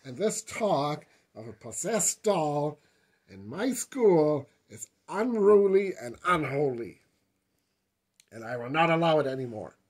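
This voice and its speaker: A woman doing a stern husky priest. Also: sits low, sing-song, takes it slowly, darkish tone, heavily acted. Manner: scolding, stern. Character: stern male priest, school head, dismissive. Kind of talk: plush toy drama.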